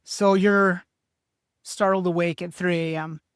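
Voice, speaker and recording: A woman co-hosting a podcast who gently prompts the guest with short questions. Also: fairly low pitch, steady tone, measured pace, clean tone, no echo, studio quality. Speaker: podcast co-host asking questions.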